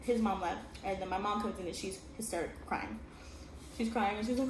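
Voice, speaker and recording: A woman's voice: mid-range voice, fairly quick. A young woman telling a painful personal story in earnest, often checking in with "okay?". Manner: earnest, repeats "okay?" to the listener. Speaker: vlogger telling her story. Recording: echoey room with steady noise.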